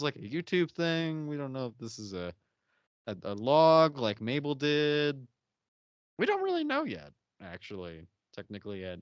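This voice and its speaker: A young podcast host with a slightly high, somewhat bright voice recaps a TV episode in a casual chat. He laughs a lot while acting out the characters' lines, and the recording is dry.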